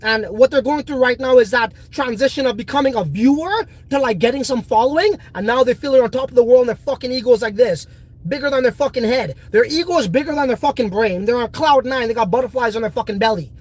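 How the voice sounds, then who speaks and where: A man's voice: extremely high pitch, fast, husky. A man hosting a casual crypto livestream, reading viewer comments in a boastful, profane, rambling way.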